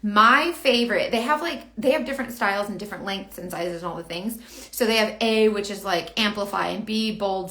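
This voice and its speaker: A woman's voice: mid-range voice, a bit bright. A young woman giving a casual, rambling makeup tutorial. She chats to herself as she works. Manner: rambling, chatty, talks to herself while working. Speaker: beauty vlogger.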